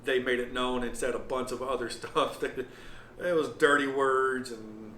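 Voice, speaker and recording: A man, recounting his experiences as owner of an old lodge in a halting, rambling way with lots of fillers. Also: medium pitch, fairly even intonation, sharp tone. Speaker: property owner and paranormal investigator. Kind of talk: casual storytelling interview. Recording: roomy with faint noise.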